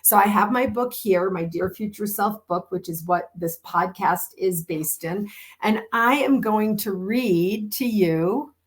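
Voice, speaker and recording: An older woman hosting a podcast, speaking in an earnest, emphatic way and slowing down when she reads aloud. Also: medium pitch. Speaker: podcast host. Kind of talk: warm reflective podcast conversation.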